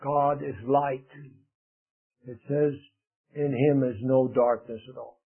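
A man preaching a sermon in an earnest way, with emphatic rises and quiet drops. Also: medium pitch, steady tone, takes it slowly, gravelly, slightly rough. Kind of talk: radio sermon. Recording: narrow phone-like radio broadcast.

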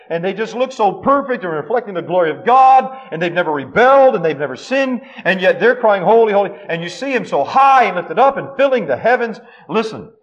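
A middle-aged man preaching a sermon with fervent, repetitive phrasing, often sinking to a hush. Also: high voice. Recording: dull lo-fi sermon recording.

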